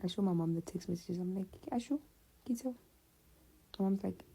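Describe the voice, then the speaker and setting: A woman's voice: mid-range voice, a little fast, gravelly, husky. A woman telling a personal story in a casual, slangy, conversational way. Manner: slangy, conversational, animated retelling.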